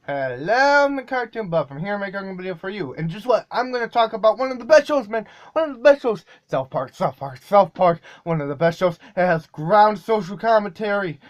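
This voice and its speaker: A man's voice: sits high, a little fast, few pauses, dull audio, pitched above the performer's own voice. A man doing a hyper cartoon reviewer. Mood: hyped. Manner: exaggerated, excitable, bursts into shouts. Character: hyper, over-the-top male cartoon reviewer persona. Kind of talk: comedic character review.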